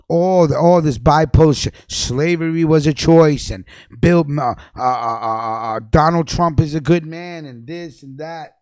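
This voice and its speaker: Man, angry profane rant, fairly high voice, loud outbursts and low mutters, dry mic. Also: measured pace, few pauses, dry recording. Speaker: livestream host. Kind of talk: profane ranting commentary.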